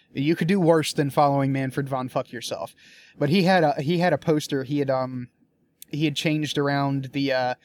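A young man giving a casual political rant, blunt and profane, often restarting his sentences as he works through his frustration. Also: fairly high pitch. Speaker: political commentator.

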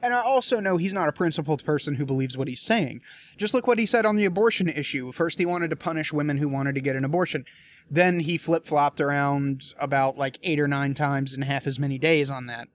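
A man's voice: on the high side, fairly quick. A young man giving a casual political rant, blunt and profane, often restarting his sentences as he works through his frustration. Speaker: political commentator.

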